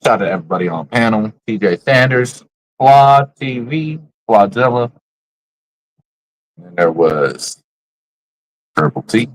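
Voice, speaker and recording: A man with a low voice rants live to his stream in blunt, profane slang. His talk is casual and full of trash talk. The sound is dry and close, with no room echo. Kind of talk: casual livestream rant.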